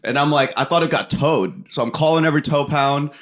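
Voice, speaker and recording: Twenties dude, podcast guest, swears a lot, animated storytelling. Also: male voice, on the high side, fairly quick. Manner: animated, profane, acts out quotes. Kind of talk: casual storytelling.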